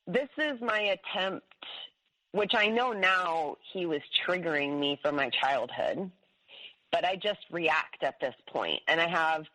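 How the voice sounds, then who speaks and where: A woman's voice: mid-range voice, expressive, slow pace, fairly bright tone, low-quality recording. A woman, a guest on a talk show, telling her personal story in a rambling, emphatic way, full of restarts and fillers.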